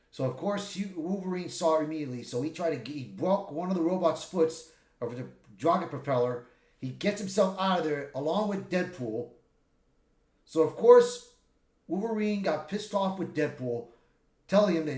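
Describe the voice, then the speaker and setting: A man giving a casual spoiler review of a film, retelling the plot in an excitable, rambling way with many restarts and swearing. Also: a little high, normal speed. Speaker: movie reviewer. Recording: echoey room.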